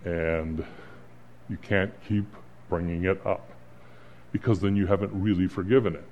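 A middle-aged man preaching as a pastor in an earnest, conversational way, pausing and restarting, then rising to emphatic points. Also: sits low, steady tone, slight background noise. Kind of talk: sermon. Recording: slightly dull, lo-fi sound.

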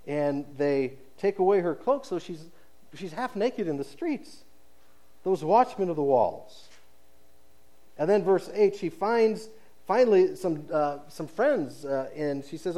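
Animated man preaching with soft dips. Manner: expository preaching, paraphrasing scripture with dramatized quotes; animated, swings between soft low phrases and raised emphatic ones. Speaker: pastor. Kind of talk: sermon.

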